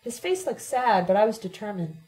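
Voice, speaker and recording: A woman narrates a first-person story as an audiobook. Her reading is steady and plain. Her voice has a mellow, warm color. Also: mid-range voice, fairly quick, low-quality recording. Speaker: audiobook reader.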